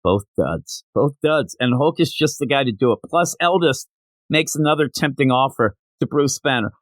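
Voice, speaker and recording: A man's voice: a little high, normal speed, no room sound. A man reviewing comics in a casual solo show, ranting and sarcastic, tired from not sleeping.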